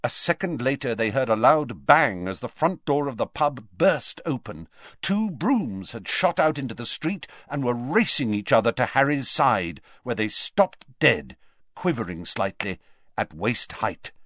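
A man narrating a fantasy novel in an expressive, dramatic reading. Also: medium pitch, a little slow, dry recording, studio quality. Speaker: audiobook narrator.

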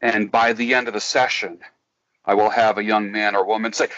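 A man speaking as an interview guest, giving life advice in a slow, emphatic, preacherly way with lots of repetition. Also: on the low side, little pitch movement, fairly bright tone, dry recording, muffled recording. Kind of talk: interview, motivational talk.

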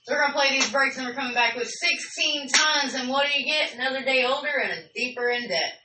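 A woman, co-hosting a casual family radio chat, loud, foul-mouthed and joking. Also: high voice, fast, background noise. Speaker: radio show co-host. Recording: echoey room, mic at a distance.

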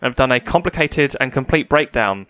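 Animated man on a dry podcast mic. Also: mid-range voice, brisk, clear, resonant tone, no echo. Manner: animated, teasing, explains at length. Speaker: podcast co-host. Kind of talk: casual hobby podcast chat.

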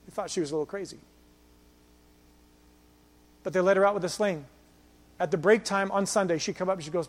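A male pastor preaching a sermon, swinging between loud exhortation and quiet storytelling. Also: high-pitched, fairly even intonation, fast.

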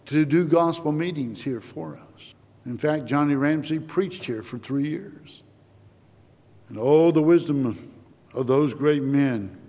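A man preaching a sermon, slow and deliberate, rising in emphasis as he quotes scripture to his congregation. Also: fairly high pitch, darkish tone. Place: church sanctuary. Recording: long church-hall reverb.

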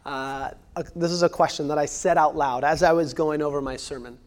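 A man in his thirties, a pastor delivering a sermon, earnest and repeating key phrases for emphasis, sometimes dropping to a hushed near-whisper. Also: fairly high pitch, fairly even intonation, fairly quick.

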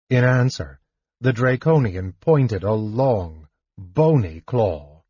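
Slow, expressive male audiobook narrator. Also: lowish voice, husky, dry recording. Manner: measured, expressive storytelling. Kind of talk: scripted fantasy narration. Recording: dull lo-fi dry recording.

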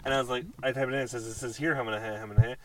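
A man's voice: medium pitch, steady tone, rapid-fire, recorded from a distance, low-quality recording. A man in his twenties, co-hosting a podcast and telling a rambling anecdote full of quoted dialogue. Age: 20s. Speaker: podcast co-host. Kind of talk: casual chat, storytelling.

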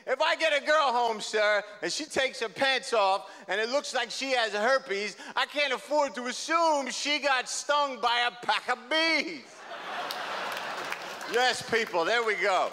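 A young adult man doing an energetic, rambling stand-up comedy set on a theater stage, acting out the people in his stories. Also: very high-pitched, unhurried, big-room sound. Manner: energetic, rambling, acts out quoted characters.

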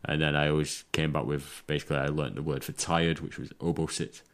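Deep-voiced chatty man. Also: little pitch movement, fairly quick, fairly bright tone, clear, resonant tone. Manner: laughs often, rambling storyteller. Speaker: podcast co-host. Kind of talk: casual chat.

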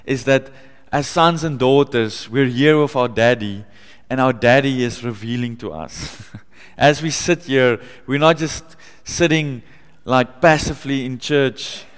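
A man preaching a sermon in a church, conversational, laughing often and growing excited as he tells stories. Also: medium pitch, clean tone, big-room sound. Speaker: pastor.

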